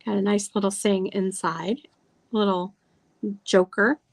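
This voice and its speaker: A woman's voice: mid-range voice, steady tone, measured pace, creaky. A woman hosting a live sale of vintage items, chatting casually and reading old card verses aloud. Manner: chatty, lingers over details, reads card verses aloud. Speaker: online seller showing vintage items. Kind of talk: casual live sales chat.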